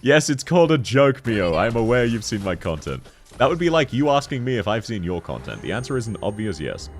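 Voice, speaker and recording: A man's voice: on the low side, sing-song, a little fast. Guy streaming a game, goofy and laughy, super bouncy voice, bit of music in the back. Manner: joking, laughs often, reads chat aloud. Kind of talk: casual live-stream chat while gaming.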